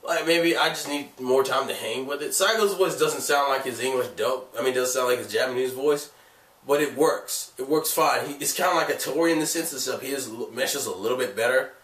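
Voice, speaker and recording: Sitting far from the mic in an echoey room, a man with a cold reviews anime casually, coughing as he goes. He's an anime vlogger with a mid-range, fairly bright voice and a fairly quick pace, rambling through lots of fillers and restarts.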